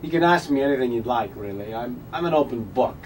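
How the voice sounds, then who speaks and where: A man doing a deadpan, halting older actor. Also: medium pitch, distant mic, a little hiss or hum, natural voice, rough recording. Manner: slow, halting, oddly stressed phrasing.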